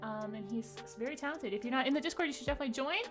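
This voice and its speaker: A woman's voice: high voice, racing, over music. A woman game streamer chatting casually with her viewers, upbeat and giggly, rattling off names from the chat.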